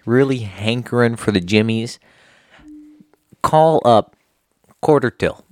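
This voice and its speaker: A man's voice: medium pitch, lively intonation, slow, a little mellow, no room sound, clean studio sound. A man who works at a sandwich shop, telling a story in casual chat and voicing his customers. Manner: laid-back, quotes customers in voices.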